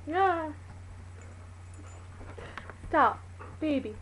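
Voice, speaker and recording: A woman's voice: high-pitched, lively intonation, normal speed, darkish tone, slight background noise, rough recording. A woman vlogging to her webcam at home, rambling and chatty, exasperated with her pet. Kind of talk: casual talk to a webcam.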